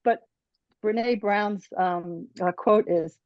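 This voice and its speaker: A woman presenter giving personal closing remarks at a conference, halting and restarting often and checking in with "right?". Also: mid-range voice, dry recording. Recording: dull dry lo-fi sound.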